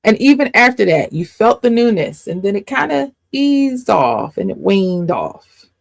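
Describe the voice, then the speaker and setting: A woman coach delivers an informal faith lesson straight to camera, pressing her points by repeating them. Her voice carries a gravelly fry, and the sound is close and dry with no room around it. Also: medium pitch, very animated, no room sound. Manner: emphatic, repeats points, quick asides and laughs. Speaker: life coach and faith teacher. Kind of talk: casual faith teaching to camera.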